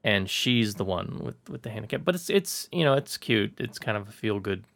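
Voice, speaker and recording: A man hosting a podcast, speaking in a relaxed way with hesitant fillers. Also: fairly low pitch, brisk, creaky, no echo. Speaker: podcast host. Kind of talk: casual podcast chat.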